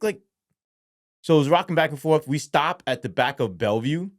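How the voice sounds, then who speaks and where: A former police sergeant, a man, telling his story as an interview guest in animated, profane street slang. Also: on the high side, moderate pace, dry recording, studio quality.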